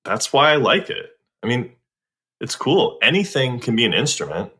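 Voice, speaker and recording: A man's voice: medium pitch, sing-song, moderate pace, pushed and bright. A man co-hosting a podcast in casual comedic chat, talking in a slangy, laid-back way. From United States. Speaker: podcast co-host.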